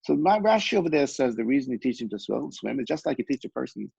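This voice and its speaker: A man's voice: medium pitch, big pitch swings, fast, creaky, a little mellow, husky, dry recording. A man giving a Torah lesson, telling a story with frequent restarts. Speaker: Torah teacher. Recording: dull, dry lo-fi recording.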